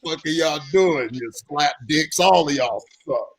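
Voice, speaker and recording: A furious, gruff old football coach barks and cusses in a low, snarling growl, as a man puts him on mid-story. The voice drops well below the storyteller's own. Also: unhurried.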